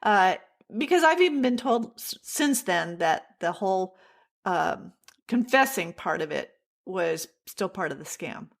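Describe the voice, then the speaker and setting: A woman telling her personal story as an interview guest, animated and acting out the dialogue she quotes. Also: medium pitch, measured pace, gravelly.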